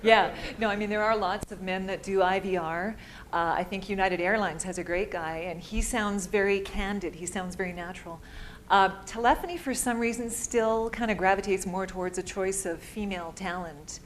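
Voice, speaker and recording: A woman's voice: mid-range voice, moderate pace, a little hiss or hum. A woman voice-over artist answering audience questions at a live panel, chatty and upbeat, laughing easily.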